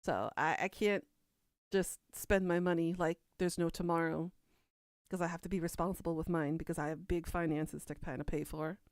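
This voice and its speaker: A woman's voice: fairly low pitch, fairly even intonation, moderate pace, darkish tone, no room sound, studio quality. A woman from Kentucky with a Southern US accent, chatting casually as a podcast host and answering viewer comments in a rambling way. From Kentucky, USA. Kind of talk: casual chat.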